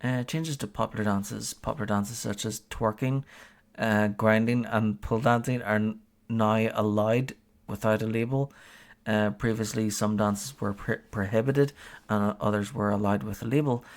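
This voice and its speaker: A man's voice: lowish voice, steady tone, normal speed. A man streaming a game, chatting casually and reading a policy aloud, hesitant with many fillers and frequent chuckles.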